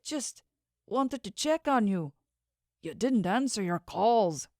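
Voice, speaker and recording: A woman's voice: medium pitch, animated, slow, a little mellow, no echo, studio quality, voice pushed up. A woman voicing an injured young man who talks groggily with slurred words, read in an audiobook. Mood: groggy.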